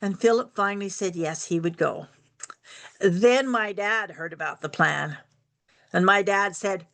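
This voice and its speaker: An older woman telling a personal family story aloud, unhurried, repeating phrases for rhythm. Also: mid-range voice, creaky, fairly bright tone.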